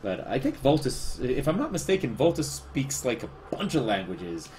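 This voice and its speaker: A man's voice: medium pitch, big pitch swings, moderate pace, a little mellow, slight background noise. A man with a Spanish accent, a livestreaming artist chatting casually, rambling and self-deprecating as he answers chat.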